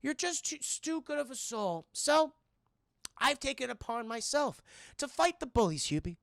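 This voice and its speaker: A man doing a shrill, vengeful mother. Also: very animated, normal speed, creaky, no echo, studio quality, full character voice. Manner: high shrill pleading voice, building to shouts. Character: scheming middle-aged mother, shrill and vengeful.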